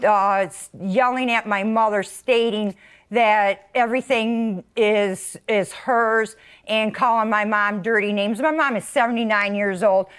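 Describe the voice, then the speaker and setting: A woman's voice: mid-range voice, fairly even intonation, unhurried, clear, resonant tone. A middle-aged woman arguing heatedly as a defendant in a courtroom, accusing and talking over others. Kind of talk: courtroom argument.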